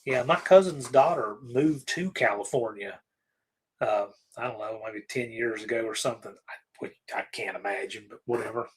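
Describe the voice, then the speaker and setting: This livestream host, a Virginia man, chats casually while answering viewer comments, drifting along and frequently breaking off to restart his thoughts. He talks at a normal speed in a husky mid-range voice over poor-quality audio.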